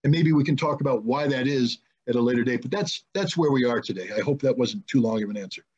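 A man's voice: mid-range voice, fast, a little mellow, breathy edge. A middle-aged man, a guest in an online discussion, explaining at length in an emphatic, insistent way and repeating his key points. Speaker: guest, former weapons inspector. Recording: muffled lo-fi online call audio.

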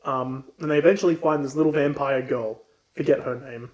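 A man's voice: medium pitch, fairly even intonation, a little fast, darkish tone, muffled recording. A man co-hosting a podcast, casually retelling a book in an irreverent, profane way. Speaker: podcast co-host. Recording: roomy echo.

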